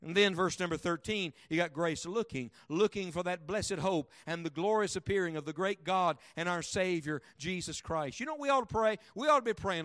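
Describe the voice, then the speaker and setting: A man preaching a sermon as a pastor, emphatic, asking the congregation questions, swinging from loud to hushed. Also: high-pitched, lively intonation, normal speed, few pauses, no echo, studio quality.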